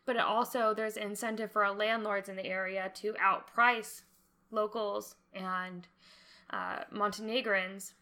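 Bright, animated young woman podcaster. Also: mid-range voice. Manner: animated, quick laughs, chatty asides. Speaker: podcast co-host. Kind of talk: casual podcast chat.

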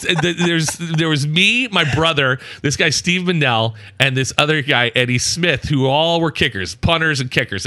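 A man on a podcast telling a funny story about himself, acting out the voices of the people in it. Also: medium pitch. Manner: animated, self-mocking storyteller acting out voices. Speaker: podcast co-host. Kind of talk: casual storytelling.

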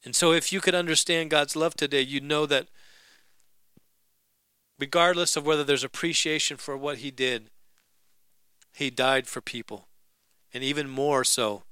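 High, bright-voiced joking male preacher. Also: smooth, no echo. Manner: conversational and joking, slows down to stress scripture. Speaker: pastor. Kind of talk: sermon.

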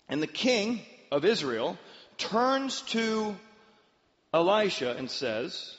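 Animated male preacher in a hall. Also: sits high, takes it slowly. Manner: animated, dramatic storyteller. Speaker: pastor. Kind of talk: sermon storytelling. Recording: dull, long-reverb hall sound.

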